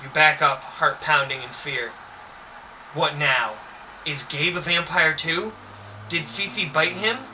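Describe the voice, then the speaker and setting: A man streaming who reads a choose-your-own-adventure book aloud in a lively, playful way. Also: fairly high pitch, takes it slowly. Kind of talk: storybook reading on a stream. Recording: distant mic with faint noise.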